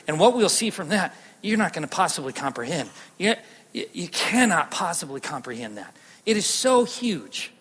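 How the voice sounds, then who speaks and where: A man with a high voice preaches a sermon in a large church hall. He is out of breath and animated, jumping from loud bursts to hushed lines. His voice trails off in a long, ringing reverb. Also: normal speed, slightly rough. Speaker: pastor.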